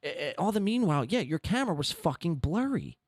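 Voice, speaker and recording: A podcast host with a high, very lively voice. He talks in a sarcastic, mocking way and rants as he picks apart what he has just heard. The sound is close and dry. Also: brisk, dry recording. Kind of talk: commentary on a played clip.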